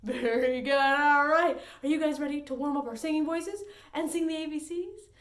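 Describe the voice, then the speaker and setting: A woman's voice: high voice, normal speed, a bit bright, echoey room. A woman leading a children's story time as librarian, with a bubbly, sing-song, playful way of talking. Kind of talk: virtual story time for kids.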